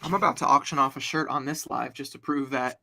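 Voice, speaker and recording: A man's voice: mid-range voice, fairly even intonation, brisk, vocal fry, pushed and bright, slight background noise. A man co-hosting a casual live stream, laid-back and joking. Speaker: co-host. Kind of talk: casual livestream chat.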